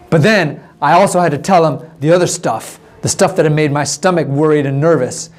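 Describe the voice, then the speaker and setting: Young male storyteller, high voice, animated first-person tale for kids. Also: a little fast, few pauses. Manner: animated, playing a nervous spy, many restarts. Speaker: storyteller for kindergarten class.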